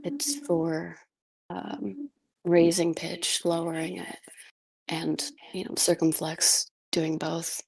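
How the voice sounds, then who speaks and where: A woman student answering in a language lesson over a video call, speaking hesitantly with many pauses and fillers. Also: fairly low pitch, little pitch movement, vocal fry, a little mellow, slightly rough.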